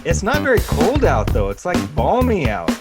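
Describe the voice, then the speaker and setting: A school counselor hosts a school podcast, upbeat and joking with guests and talking to students. His voice is a little high with wildly swooping pitch at a moderate pace, and loud music plays behind him.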